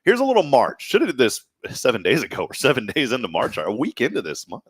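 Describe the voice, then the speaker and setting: A man's voice: medium pitch, wildly swooping pitch, quick pace, breathy edge. A man with a Texan accent hosting a casual morning show, joking around and chatting playfully with his guest. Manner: playful, joking, puts on folksy voices.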